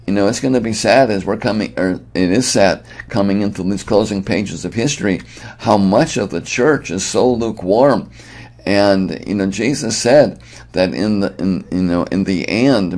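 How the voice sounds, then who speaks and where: A man's voice: lowish voice, a little mellow. A middle-aged man preaching an earnest, emphatic sermon, often restarting his phrases.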